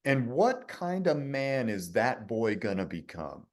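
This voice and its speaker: A man's voice: mid-range voice, big pitch swings, measured pace. A man, a dad coach, speaking earnestly and emphatically about a guest's story. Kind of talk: podcast chat, reflective commentary.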